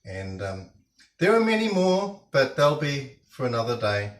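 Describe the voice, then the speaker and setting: A man tells a rambling story while he cooks, full of hesitations and restarts. His voice sits at a middle pitch and rings around an echoey home kitchen. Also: sing-song, unhurried. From New Zealand. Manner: chatty, hesitant, many fillers and restarts. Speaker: cooking show host.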